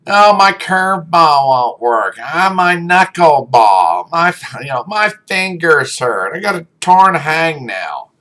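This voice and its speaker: A man voicing a whiny teenage boy pitcher who is full of excuses, in a complaining, whining tone. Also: sing-song, slow, hardly any pauses, sharp tone, heavily acted.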